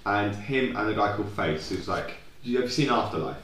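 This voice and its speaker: In a roomy-sounding recording, a young co-host with a lowish, slightly bright voice talks briskly and animatedly. His casual podcast chatter wanders onto tangents and includes plenty of swearing.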